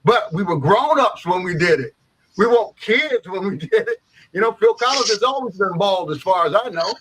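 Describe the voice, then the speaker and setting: A man's voice: high-pitched, animated, moderate pace, fairly bright tone, husky, low-quality recording. A middle-aged man hosting a radio talk show, rambling and opinionated, peppering his talk with "you know what I'm saying.".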